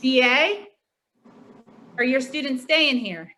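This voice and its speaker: Bright, chatty woman trainer from Pittsburgh. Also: high-pitched, slow pace, a little hiss or hum. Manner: chatty, animated storytelling with lots of "like". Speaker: tutor trainer. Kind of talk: training workshop talk.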